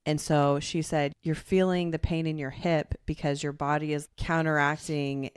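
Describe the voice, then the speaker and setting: A young woman co-host, chatty and explaining things at length, with a quick laugh. Her voice is smooth and clear and sits at a medium pitch, recorded close and dry. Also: little pitch movement, no echo. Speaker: podcast co-host. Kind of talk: casual chat.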